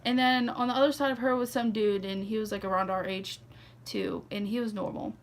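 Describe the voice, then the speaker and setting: Chatting casually to her vlog audience, a young woman tells a story peppered with "like" and "okay." She speaks briskly at medium pitch with fairly even intonation.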